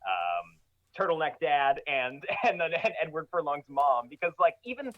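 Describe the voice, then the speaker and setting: A man as a guest on a casual horror movie podcast, excited and laughing, swearing as he gushes. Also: fairly high pitch, a little slow, muffled recording. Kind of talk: casual chat.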